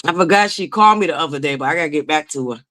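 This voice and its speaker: A woman's voice: low-pitched, racing, fairly bright tone. Woman, livestream host, casual chat, greets viewers by name.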